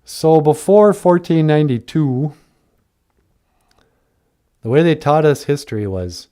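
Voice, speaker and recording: Man, host, casual live-stream chat, joking, laid-back, animated pitch, warm mellow timbre. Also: a little slow, long pauses. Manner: joking, laid-back, reads viewer comments aloud. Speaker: show host.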